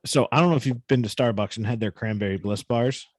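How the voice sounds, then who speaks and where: A man's voice: medium pitch, fast talker, no echo. A man co-hosting a podcast, telling a story in casual, profane chat with a New England accent. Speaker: podcast co-host.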